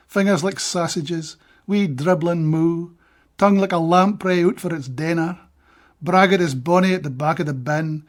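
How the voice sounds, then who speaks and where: Scottish man reading poetry aloud. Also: fairly high pitch. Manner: measured, deliberate reading with brief plain-spoken asides. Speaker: poet reading his own translations.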